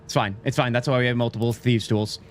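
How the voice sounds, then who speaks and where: A young man streaming gameplay live, excitable and teasing as he banters with his chat. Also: medium pitch, fast talker, soft background music.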